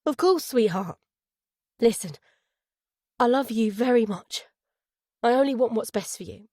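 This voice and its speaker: A woman's voice: fairly high pitch, measured pace, warm tone, no room sound, studio quality. A woman voicing a guilt-ridden father who forces lightness into his voice. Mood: strained. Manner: forced cheerfulness over guilt.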